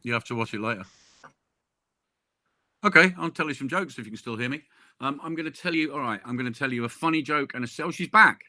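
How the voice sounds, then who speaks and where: A man's voice: medium pitch, quick pace, long pauses, pushed and bright, dry recording, clean studio sound. A man, a crime novelist, chatting casually on a video call, jokey and full of anecdotes. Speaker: crime novelist discussing his book.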